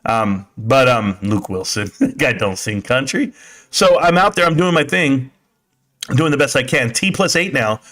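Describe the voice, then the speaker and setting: A man's voice: medium pitch, expressive, a little slow, a bit bright. A man hosting a casual live stream, rambling and chatty as he reads viewer comments and swears now and then. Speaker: livestream host. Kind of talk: casual livestream chat, reading comments.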